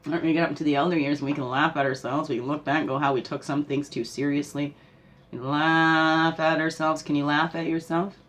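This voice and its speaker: A woman's voice: deep voice, flat delivery, a little fast, fairly bright tone. A woman hosting a spiritual podcast, talking casually and animatedly, often laughing and asking the listener questions. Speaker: spiritual guide and podcast host.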